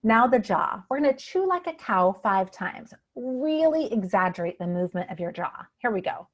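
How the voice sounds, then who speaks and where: A woman leading a speech exercise lesson, demonstrating drills slowly and clearly and encouraging the listener. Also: mid-range voice, sing-song. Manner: slow, clear, encouraging demonstration with drawn-out practice words. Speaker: speech therapy instructor.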